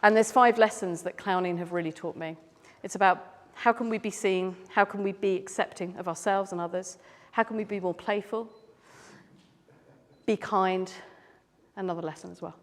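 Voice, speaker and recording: A woman's voice: medium pitch, steady tone, normal speed. A British woman, a clown and speaker, chatting playfully with a live audience as she answers their questions. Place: large hall at a live event. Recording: long hall reverb.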